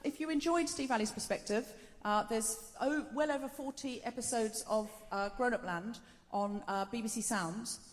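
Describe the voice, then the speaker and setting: A woman hosting a live comedy show on a theatre stage, chatting and telling anecdotes with quick asides. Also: on the high side. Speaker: host. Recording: live theatre with long reverb.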